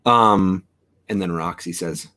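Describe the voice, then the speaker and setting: A man with a lowish voice chatting casually about photos and cameras over a video call. He rambles in a relaxed way, full of "um" and restarts, like a friendly shop regular talking shop. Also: slow pace.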